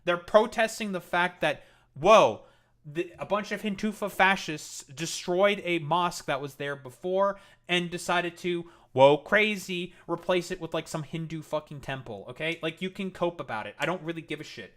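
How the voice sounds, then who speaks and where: A man's voice: a little high, moderate pace, few pauses, fairly bright tone. A man streaming live and commenting in a heated, profane and sarcastic rant.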